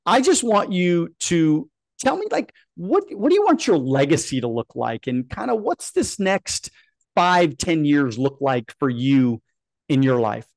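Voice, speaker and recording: A man's voice: fairly high pitch, sing-song, measured pace, gravelly, no echo. A man hosting an interview, hyped up and casual with slangy praise. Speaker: podcast host.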